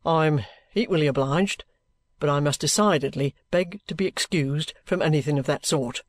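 A man voicing a bluff, steady middle-aged ex-soldier who talks plainly and good-humouredly. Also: a little high, moderate pace, no echo, pitched below the performer's own voice, lightly acted.

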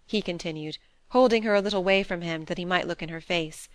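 Brief: steady female audiobook narrator, lowish voice, close and dry. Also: fairly quick, no room sound. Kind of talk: scripted narration of a classic novel.

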